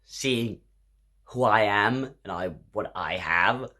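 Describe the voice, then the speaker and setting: Tipsy guy rambling slowly at home, keeps coughing, lots of ums and restarts. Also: fairly low pitch, pushed and bright. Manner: rambling, with filler words and restarts. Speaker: drag performer vlogging. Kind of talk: tipsy storytelling monologue. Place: home, indoors.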